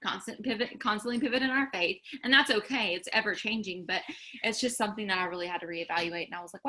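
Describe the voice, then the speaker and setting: A woman's voice: medium pitch, quick pace, bright, forceful tone. Earnest woman. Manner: candid, earnest, exhorting, with many fillers. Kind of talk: casual faith pep talk to followers.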